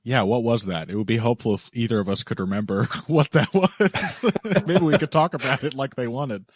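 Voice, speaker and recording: A man's voice: medium pitch, normal speed, husky, no room sound, studio quality. A man hosting a podcast in casual chat, joking and laughing often. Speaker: podcast host.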